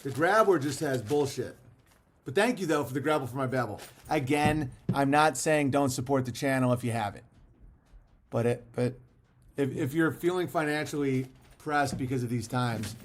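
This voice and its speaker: A man with a medium-pitched voice hosts a laid-back livestream, reading out viewer messages. While fasting, he rambles profanely and laughs often.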